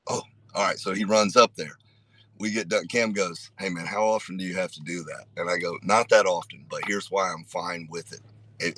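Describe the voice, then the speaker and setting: A middle-aged man telling a story in a blunt, unhurried way with frequent profanity, on a podcast. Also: deep voice, bright, forceful tone, no echo. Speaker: podcast host. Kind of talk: casual storytelling.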